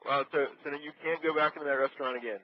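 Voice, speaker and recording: A man's voice: a little high, steady tone, racing. A man hosting a radio show, casually egging a caller on and laughing along. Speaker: radio host. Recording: dull radio broadcast audio.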